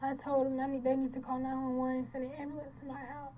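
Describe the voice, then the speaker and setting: High-voiced woman giving shaken testimony. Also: monotone, warm tone, a little hiss or hum, rough recording. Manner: halting, repeats and restarts, voice breaking into tears at times. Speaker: crime victim recounting an attack. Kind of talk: emotional first-person testimony.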